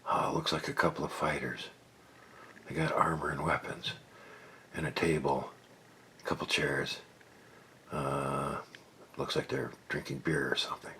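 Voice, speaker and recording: A man voicing a young girl adventurer who sneaks around in a hush and stammers when caught out. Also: lively intonation, normal speed, a little hiss or hum, natural voice. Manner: hushed whisper, then flustered high-pitched stammering.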